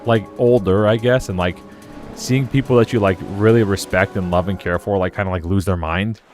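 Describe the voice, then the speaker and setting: A man's voice: sits low, steady tone, normal speed, darkish tone, faint music behind. A young man chatting loosely while playing a video game, rambling through stories and laughing often. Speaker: gaming streamer. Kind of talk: casual let's play commentary.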